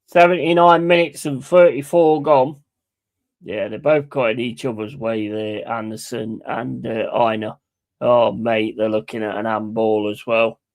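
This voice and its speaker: Sweary excitable streamer. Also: male voice, medium pitch, measured pace. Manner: excitable, sweary, blunt play-by-play. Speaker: streamer hosting a football watch-along. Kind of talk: live match commentary.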